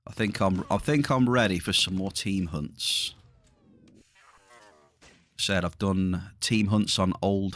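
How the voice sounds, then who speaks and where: Chatty man, somewhat low voice. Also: gravelly, a bit bright. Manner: rambling, chatty, addresses viewers directly. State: slightly strained voice. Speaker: livestreaming gamer. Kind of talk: casual livestream chat.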